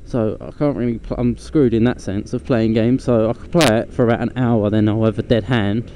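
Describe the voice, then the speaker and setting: Riding a scooter outside, a male vlogger chats in a blunt, rambling way, cursing casually. He speaks fairly quickly in a fairly low, steady voice over loud traffic and engine noise.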